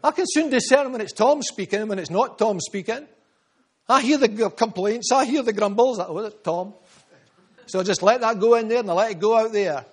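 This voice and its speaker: High-voiced Scottish pastor preaching. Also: male voice, fairly quick. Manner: preaching with emphatic repetition, drops to quiet asides. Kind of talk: sermon.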